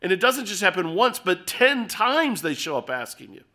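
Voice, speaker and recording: Bright, earnest male preacher. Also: sits high, moderate pace. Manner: earnest, animated storytelling with acted-out scenes. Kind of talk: expository sermon.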